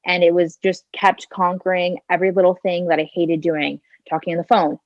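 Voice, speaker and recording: A woman in her twenties tells a personal story as a podcast guest, leaning on filler words and voicing her own thoughts. Her voice sits fairly low. She speaks into a handheld phone, so the sound is dull and lo-fi with no room echo. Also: little pitch movement, brisk. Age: 20s. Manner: chatty, leans on "like" and "kinda", acts out her own thoughts.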